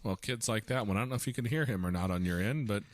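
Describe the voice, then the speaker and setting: A man's voice: fairly low pitch, fast talker. A man hosting a podcast as a foster parent, telling stories casually with lots of restarts. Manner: storytelling, animated, frequent restarts.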